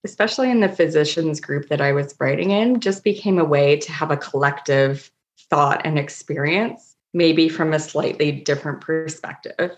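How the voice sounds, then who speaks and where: A woman's voice: low-pitched, moderate pace. A middle-aged woman, a family doctor, chatting in an interview and telling funny stories about herself with frequent laughs. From Canada. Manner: laughing, self-mocking storyteller. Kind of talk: casual interview chat. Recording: dull lo-fi audio.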